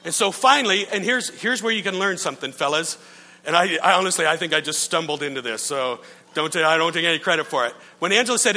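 A middle-aged male pastor preaching in a relaxed, conversational way, telling stories, poking fun at himself and often checking in with his listeners. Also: high-pitched, quick pace. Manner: storytelling, checks in with listeners, self-mocking. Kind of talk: conversational sermon. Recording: long reverb from a large hall.

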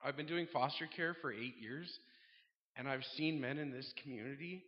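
A man's voice: mid-range voice, moderate pace. Chatty man telling his story to a church. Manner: candid, joking, with many "um"s and acted-out dialogue. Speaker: church member announcing a men's group. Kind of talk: casual testimony to a congregation. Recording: dull sound, long reverb in a large room.

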